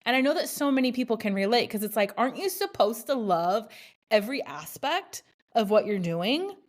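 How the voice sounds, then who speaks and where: A woman's voice: a little high, sing-song, a little fast. A woman in her thirties hosting a solo podcast, telling a personal story in a frank, chatty way with lots of "like" fillers. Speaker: podcast host. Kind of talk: candid solo podcast monologue.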